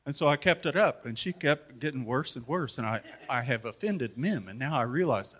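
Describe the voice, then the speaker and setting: A man giving a memorial tribute to a gathering, telling stories about the one remembered with pauses and restarts. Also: medium pitch, animated, fairly bright tone. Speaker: community member giving a tribute.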